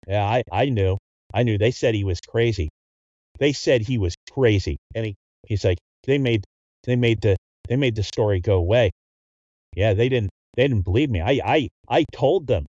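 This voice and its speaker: A man narrating as game master of a tabletop game, talking in halting bursts with many restarts and fillers. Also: on the low side, expressive, a little mellow, dry recording, dull audio.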